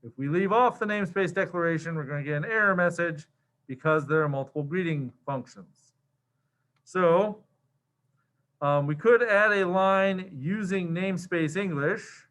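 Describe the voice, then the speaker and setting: A man's voice: fairly high pitch, fairly bright tone. A man teaching a programming lesson in a casual, slangy way, with many fillers as he walks through code. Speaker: programming instructor. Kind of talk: screen-share coding lecture.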